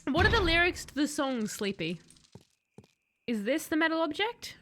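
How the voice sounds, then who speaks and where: Female streamer, playful and chatty, slightly high voice, light noise floor. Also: moderate pace. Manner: playful, chatty, bursts into excited shouting. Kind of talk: live game commentary. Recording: faint background noise.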